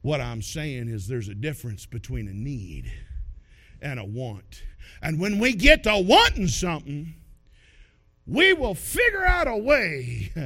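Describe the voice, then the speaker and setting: A male pastor preaching a sermon through folksy, animated storytelling, shouting out points for emphasis. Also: fairly high pitch, measured pace.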